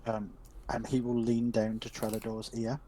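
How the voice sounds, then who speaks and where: A man's voice: medium pitch, monotone, normal speed, mellow, slight background noise, rough recording. A man playing a tabletop game, describing his character's actions hesitantly. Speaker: player.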